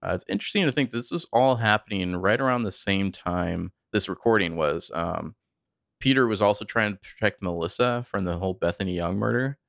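A man's voice: on the low side, fairly quick, creaky, no room sound, studio quality. A man co-hosting a podcast, recapping a TV episode casually with lots of fillers. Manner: conversational, filler-heavy, animated storytelling. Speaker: podcast co-host.

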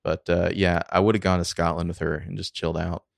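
A man's voice: sits low, level tone, fairly quick, creaky, dry recording, clean studio sound. A man co-hosting a podcast, talking through movie picks in hesitant, filler-heavy casual chat. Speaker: podcast co-host.

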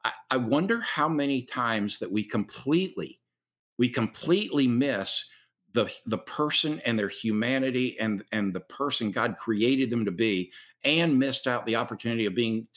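A man's voice: medium pitch, lively intonation, moderate pace, fairly bright tone. Earnest man hosting a video-call chat. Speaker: host.

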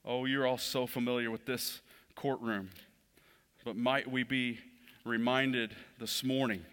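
A pastor delivering a sermon in a church, moving from quick urgent lines to slow hushed emphasis. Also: male voice, medium pitch, steady tone, clear, resonant tone. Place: church sanctuary.

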